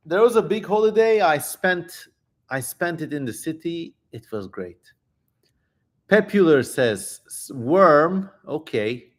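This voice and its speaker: A man hosting a live stream, chatting casually and reading viewer comments aloud in a relaxed, easygoing way. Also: medium pitch.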